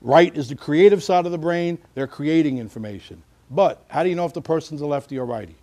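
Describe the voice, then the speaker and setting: A middle-aged man giving an instructional talk as a security trainer, lively, acting out bits of example dialogue. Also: fairly high pitch, quick pace. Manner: animated, acts out example dialogue.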